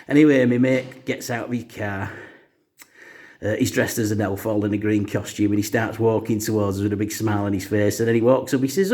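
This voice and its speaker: A man's voice: on the low side, fairly even intonation, brisk, dark tone. A man telling a comic story in a casual, rambling way, full of "uh" fillers. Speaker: storyteller host.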